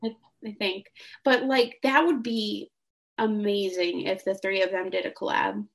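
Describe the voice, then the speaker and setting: A young woman co-hosting a casual fan podcast, animated and gushing, laughing often. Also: medium pitch, unhurried, creaky. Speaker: podcast co-host.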